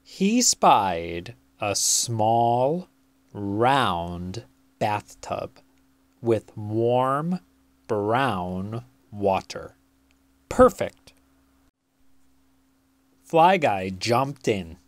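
A storybook reader takes their time over every phrase, reading for young children. The pitch rises and falls in wide, lively swings. The recording is dry and close, with no room sound. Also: no room sound. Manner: very slow, deliberate and expressive. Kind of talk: read-aloud storytelling.

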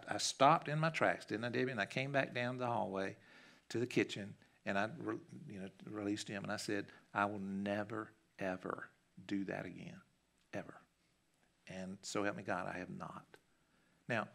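A middle-aged man preaching a sermon in a church, telling a personal story that swings from loud and animated to quiet and soft. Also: mid-range voice, creaky. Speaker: pastor. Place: church sanctuary.

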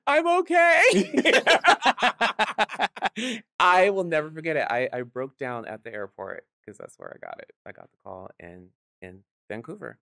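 A man's voice: mid-range voice, sing-song, a little fast, gravelly, hardly any pauses, pushed and bright, no room sound, clean studio sound. A man telling stories as a guest in an interview, acting out quoted voices and laughing often. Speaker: guest, drag performer. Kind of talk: storytelling interview chat.

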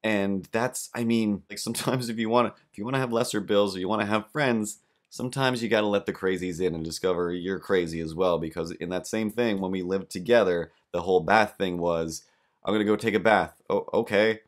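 A man hosting a podcast, telling rambling stories with deadpan jokes in a casual, comedic monologue. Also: low-pitched, fairly quick. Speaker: podcast host.

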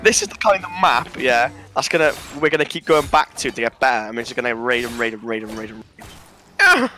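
A man playing a co-op zombie game, swearing constantly and yelling at his teammates. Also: mid-range voice, big pitch swings, fast talker, faint music behind. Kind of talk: live gameplay chat.

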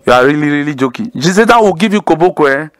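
A man's voice: on the high side, lively intonation, fast. A male preacher, teaching the Bible to callers in an emphatic way and repeating key phrases. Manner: emphatic, repeats key phrases, asks listeners to say lines with him.

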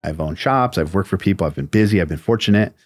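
Low-voiced man telling a laid-back story. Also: animated, quick pace, no echo, studio quality. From United States. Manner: laid-back, rambling, lots of "like" and "you know". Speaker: tattoo artist guest. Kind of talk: casual storytelling interview.

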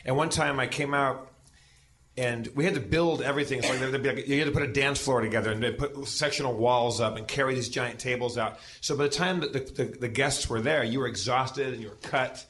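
A man's voice: mid-range voice, brisk, fairly bright tone, a little hiss or hum. Stammering, laughing male storyteller. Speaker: podcast co-host. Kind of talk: comedic storytelling. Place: live stage with audience.

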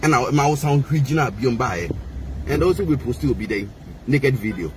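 A man's voice: medium pitch, expressive, brisk, background noise. A man with a Ghanaian accent delivering a heated, mocking rant to the camera, switching between languages. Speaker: social media personality.

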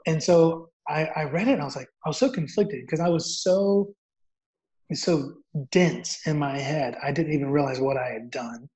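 A man telling a story as a guest author, acting out the dialogue in an animated way. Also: on the high side, moderate pace. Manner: animated, acts out quoted dialogue. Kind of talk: storytelling in an interview. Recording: dull lo-fi audio.

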